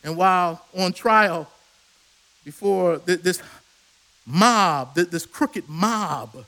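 A man's voice: high voice, slow pace, creaky, bright, forceful tone. A male preacher delivering a sermon with dramatic storytelling and call-and-response.

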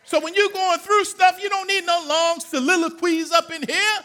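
A man, preaching a sermon that swings from low, quiet talk to loud shouted calls. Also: steady tone, normal speed. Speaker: pastor.

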